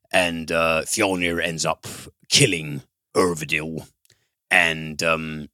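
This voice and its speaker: A man's voice: rumbling low, bright, forceful tone, no echo, studio quality. A man hosting a film podcast, reviewing films in a loose, rambling way, swearing casually and using lots of fillers.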